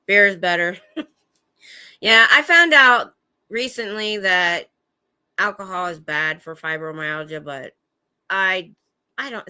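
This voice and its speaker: Her voice sits fairly low, with a sharp, clear and resonant quality. She is a middle-aged woman running an easygoing, meandering livestream at home, chatting, breaking off mid-thought to begin again, and answering viewer comments along the way.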